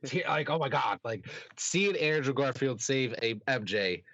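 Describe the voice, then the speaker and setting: A young man co-hosting a podcast, chatting excitedly, swearing and laughing often. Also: mid-range voice, moderate pace, dry recording. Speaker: podcast co-host. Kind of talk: casual chat. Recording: dull lo-fi sound.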